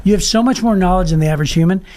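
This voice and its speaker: A man's voice: high-pitched, rapid-fire, dark tone, a little hiss or hum. A man co-hosting a faith podcast in casual chat, playful and rambling. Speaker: podcast co-host.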